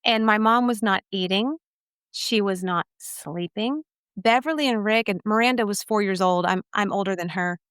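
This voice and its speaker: A woman's voice: medium pitch, moderate pace, a bit bright, smooth, no room sound, clean studio sound. A woman from Texas, a podcast guest telling her life story in an earnest, emphatic way. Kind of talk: personal testimony storytelling.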